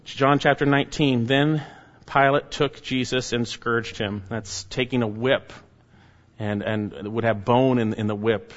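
A male preacher delivering a sermon slowly and with emphasis, his voice falling quiet at the ends of phrases. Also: mid-range voice, steady tone. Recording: dull lo-fi recording with long hall reverb.

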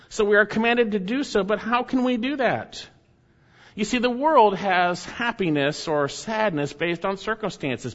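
A man preaching a sermon as pastor, emphatic, repeating key phrases and slowing down to stress words. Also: sits high, a bit bright, long reverb tail, dull audio.

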